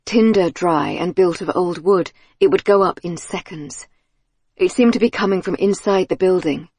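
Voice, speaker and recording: Husky woman narrating a tense audiobook. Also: on the low side, a little mellow, no room sound. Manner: measured, tense storytelling. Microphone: close studio mic.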